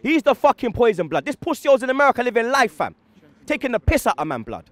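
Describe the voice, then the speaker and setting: Young guy going off about his team, high voice, bouncing all over, slangy and loud. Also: sing-song, no room sound. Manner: fast, emphatic, slang-heavy, repeats "blood" and "yeah". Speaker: football fan giving post-match reaction. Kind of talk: heated post-match fan rant.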